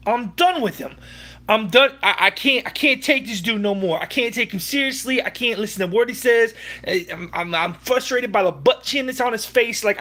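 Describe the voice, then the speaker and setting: A man's voice: high voice, fairly bright tone. A young man hosting a sports livestream, ranting heatedly and profanely with many restarts. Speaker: livestream host.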